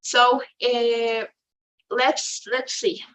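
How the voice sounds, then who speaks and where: A woman's voice: fairly high pitch, flat delivery, very slow, fairly bright tone, rough recording. A woman who is a native Spanish speaker teaching an English grammar lesson, explaining step by step and checking "right?" after nearly every phrase.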